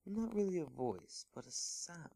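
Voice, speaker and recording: A man's voice: fairly high pitch, sing-song, normal speed, creaky, warm tone, no echo. A man casually reading fan fiction aloud at home, amused, chuckling and stumbling over words as he goes.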